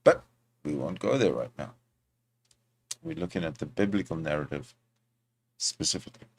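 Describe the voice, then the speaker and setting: A man hosting a livestream, talking in a casual, rambling way, often pausing, restarting and talking to himself into a desktop microphone. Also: deep voice, wildly swooping pitch, creaky, husky. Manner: rambling, talks to himself, many fillers and restarts. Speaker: livestream host. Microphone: desktop streaming mic.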